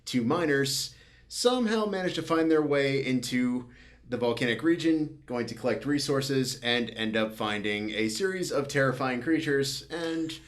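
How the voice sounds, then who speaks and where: A man's voice: mid-range voice, animated, normal speed. A man co-hosting a podcast in casual chat, summarizing a film in a laid-back way with frequent laughter. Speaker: podcast co-host.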